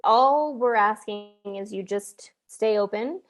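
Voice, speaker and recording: A woman's voice: mid-range voice, takes it slowly. A woman hosting a podcast, talking in an earnest, coaching way with many restarts. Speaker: podcast host. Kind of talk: casual podcast conversation.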